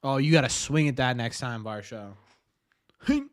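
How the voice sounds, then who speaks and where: A young man hosting a live watch party, joking and bantering with his chat in a self-mocking, excitable way. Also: medium pitch, normal speed. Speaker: livestream host.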